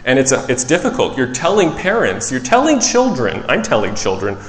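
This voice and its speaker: Conversational preacher in an echoey hall. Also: male voice, medium pitch, a little fast, hardly any pauses, soft background music. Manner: conversational, self-correcting, animated storytelling. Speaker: preacher and child psychologist. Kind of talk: sermon. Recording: echoey hall with long reverb.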